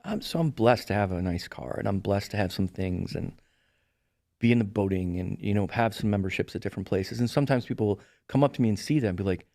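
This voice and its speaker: A man's voice: lowish voice, fast talker, creaky, no room sound, studio quality. A middle-aged man, a podcast guest, telling stories in a casual chat and acting out the people he quotes. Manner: animated storyteller, acts out quoted voices. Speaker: podcast guest, real estate broker.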